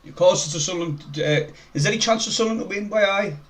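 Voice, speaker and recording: A young man with a North East English accent, commenting on a football match live for his stream and chatting with viewers in a chatty, excitable way. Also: sits high, quick pace. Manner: chatty, excitable, laughs often, reads out viewer names.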